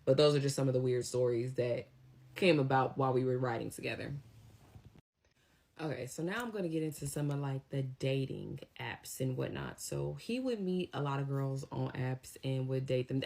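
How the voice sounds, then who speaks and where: Brief: young woman, deep voice, chatty storyteller who acts out quotes. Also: normal speed, gravelly, darkish tone. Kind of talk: casual storytime chat.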